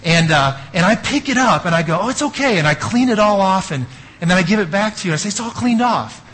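A man preaching a sermon as a pastor, telling an animated story with asides to the audience. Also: sits high, fast, husky, poor audio.

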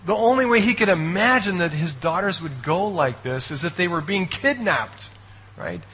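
A man's voice: sits high, lively intonation, moderate pace, sharp tone, slight background noise, poor audio. A man preaching a sermon in a conversational way, often checking in with his listeners and adding wry asides. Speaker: pastor.

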